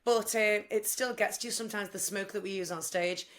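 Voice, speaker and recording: A woman's voice: mid-range voice, fairly even intonation, fairly quick. A woman in her fifties, a tribute singer, chatting as a guest in a playful way and calling people honey. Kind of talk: casual interview chat.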